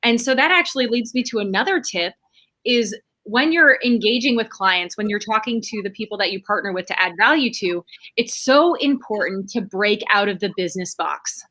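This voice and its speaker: A woman's voice: mid-range voice, lively intonation, moderate pace, pushed and bright. A woman on a video call sharing business tips in an earnest, coaching tone, with frequent fillers. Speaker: panelist. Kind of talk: casual chat.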